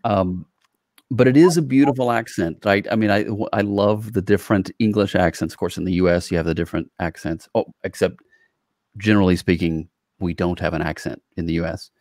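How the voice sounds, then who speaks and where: A man's voice: sits low, brisk, no room sound, studio quality. A man co-hosting a podcast, chatting loosely with many fillers and asides. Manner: relaxed, wordy, hedging with fillers. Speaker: podcast co-host. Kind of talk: casual interview chat.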